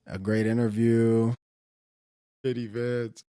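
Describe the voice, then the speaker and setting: Low-voiced man rambling on a livestream. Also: measured pace, darkish tone, soft background music. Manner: rambling, self-interrupting. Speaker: streamer. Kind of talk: casual livestream commentary.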